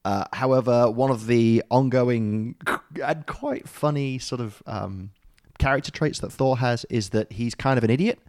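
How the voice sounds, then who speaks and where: A man's voice: mid-range voice, unhurried, few pauses, a little mellow, no echo, studio quality. A man co-hosting a podcast in a loose, joking way, with many ums and uhs and casual swearing. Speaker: podcast co-host explaining mythology.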